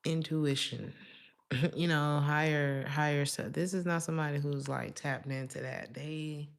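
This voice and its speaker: A woman's voice: sits low, fairly even intonation, a little slow, vocal fry. A woman giving a casual tarot reading to her viewers, chatty and slangy, laughing often between her thoughts. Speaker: tarot reader.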